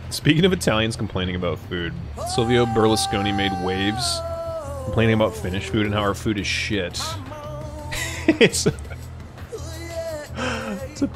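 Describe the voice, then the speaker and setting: A young man chatting casually and profanely with his live-stream chat, rambling and joking. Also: on the low side. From United States.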